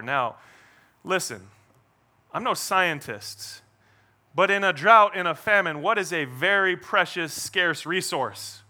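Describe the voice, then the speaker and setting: A pastor preaching a sermon, retelling a story with lively acted-out quotes and playful asides. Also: male voice, measured pace. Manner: animated storytelling preacher, acts out quotes and trash talk; shifts between loud excited bursts and low quiet asides.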